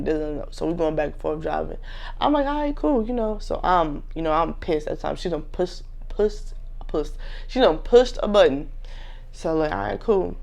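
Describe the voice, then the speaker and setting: Gravelly young woman telling a story. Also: low-pitched, a little mellow. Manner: candid, slangy, addresses viewers as y'all. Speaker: vlogger telling a personal story. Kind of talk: casual storytelling to camera.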